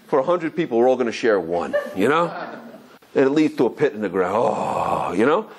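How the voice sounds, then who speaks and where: Fast, animated rabbi telling a story. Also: male voice, medium pitch, background noise. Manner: animated, full of restarts, acts out kids' voices. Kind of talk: storytelling talk.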